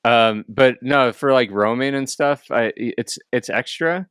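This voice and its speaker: A man's voice: mid-range voice, a little slow, a bit bright, smooth, dry recording, clean studio sound. A man from South Africa with a Dutch-influenced South African accent, co-hosting a casual chat, laughing often and stumbling over the first words of his sentences. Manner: laughs often, stammers at starts. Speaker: co-host.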